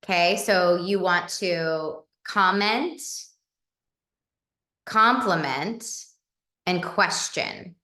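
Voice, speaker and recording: A woman's voice: on the low side, drawn-out words, long pauses, sharp tone, roomy sound. A woman leading a casual team training, chatty and coaching, acting out example messages.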